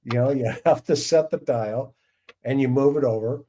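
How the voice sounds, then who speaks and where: A man's voice: medium pitch, moderate pace, slight background noise. A middle-aged man hosting a livestream, telling anecdotes from his years as a police officer and acting out the people in them. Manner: animated anecdotes with acted-out voices. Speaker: podcast host, retired police officer. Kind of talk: casual livestream storytelling.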